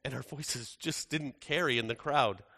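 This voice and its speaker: A man playing the apostle John as an older man in a first-person dramatic monologue, earnest, moving between hushed and urgent. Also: medium pitch, moderate pace, creaky. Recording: echoey hall with long reverb.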